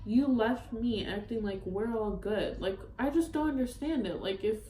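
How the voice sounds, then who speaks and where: A woman's voice: on the high side, moderate pace, mellow, echoey room, slight background noise, poor audio. A young woman vlogging a rambling, upset story about a breakup, full of fillers and swearing. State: upset, near tears. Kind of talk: ranting storytime vlog.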